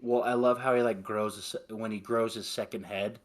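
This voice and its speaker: Excited, profane man with a low voice. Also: normal speed. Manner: excited, profane, quotes movie lines in put-on voices. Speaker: podcast host. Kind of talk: casual movie chat.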